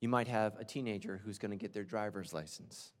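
Pastor with animated sermon delivery. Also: male voice, fairly low pitch, brisk. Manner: swings from loud shouting to quiet confession; humorous asides and acted-out quotes. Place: large church auditorium. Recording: long reverb of a large hall.

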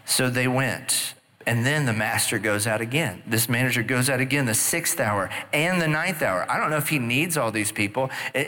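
A middle-aged man preaching a sermon, telling the story conversationally and checking in with the congregation as he goes. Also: mid-range voice. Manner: conversational, animated storytelling with audience asides. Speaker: pastor.

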